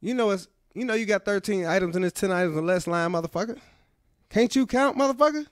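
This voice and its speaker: An irritable middle-aged film tough guy, as a man impersonates him for a radio comedy bit. Every line ends in an indignant, explosive curse. The voice sits high, strained and sharp, in a dry, close sound. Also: fast talker, dry recording, close to an everyday voice. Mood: fed up. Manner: indignant, explosive profanity-laced outbursts. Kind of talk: comedic impression on a radio podcast.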